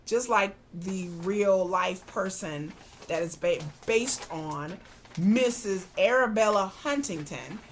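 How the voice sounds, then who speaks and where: A woman, casually recapping a TV drama, chatty and animated, acting out the characters' lines with slang asides. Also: medium pitch, slow, a little hiss or hum. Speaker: podcast host recapping a TV drama.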